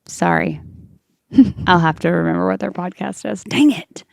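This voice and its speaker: A woman co-hosting a podcast, chatting casually and enthusiastically with quick asides. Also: on the low side, gravelly, darkish tone, no room sound, clean studio sound. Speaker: podcast co-host. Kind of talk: casual chat.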